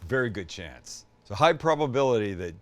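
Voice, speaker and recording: A man's voice: medium pitch, sing-song, fairly quick, dry recording. An older man hosting a cooking show, chatting casually with joking, self-deprecating asides as he demonstrates a recipe. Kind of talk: casual cooking demo chat.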